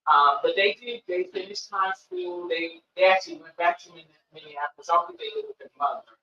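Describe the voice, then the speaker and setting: A woman telling a personal story on a podcast, expressive and animated, often repeating "I said" as she recounts a conversation. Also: lowish voice, fairly quick, slight background noise. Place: studio. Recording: roomy, distant, dull sound.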